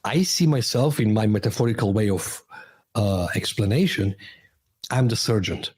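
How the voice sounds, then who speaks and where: Husky-voiced man coaching with emphasis. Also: on the low side, lively intonation, moderate pace, darkish tone. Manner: emphatic, explains with metaphors, non-native phrasing. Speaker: guest, transformation coach. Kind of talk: podcast interview.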